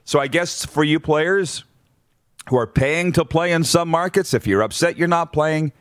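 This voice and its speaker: A man's voice: fairly high pitch, moderate pace, no room sound, clean studio sound. A man hosting a sports talk show, running through numbered points with blunt opinions and frequent restarts.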